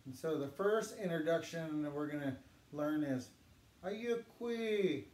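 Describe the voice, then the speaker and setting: A man's voice: on the high side, a little mellow. Man teaching a language lesson, echoey. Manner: patient, repeats words slowly for learners. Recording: echoey room with faint noise.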